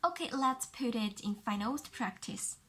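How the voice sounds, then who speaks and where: A woman with a Chinese accent teaching a pinyin lesson, explaining sounds slowly and carefully and repeating each one for the learner. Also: fairly high pitch, animated, fairly bright tone. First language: Mandarin Chinese.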